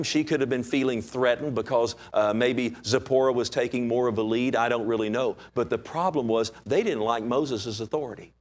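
A man preaching a sermon as pastor, animated and conversational, with many rhetorical questions. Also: mid-range voice.

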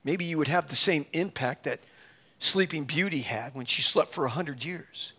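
With a fairly high, slightly rough voice at normal speed, a preacher tells a humorous tale about himself, teasing himself and performing the conversation. He then encourages his listeners, at times raising his voice to a shout.

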